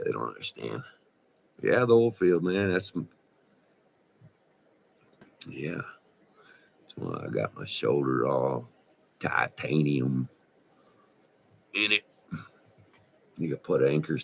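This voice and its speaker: A man's voice: very deep voice, gravelly, slightly rough. A middle-aged man with a West Texas drawl, telling folksy, slangy stories from his oil field days in a casual vlog. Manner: folksy, slangy, laughs between remarks. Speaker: vlogger, former oil field worker. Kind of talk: casual storytelling.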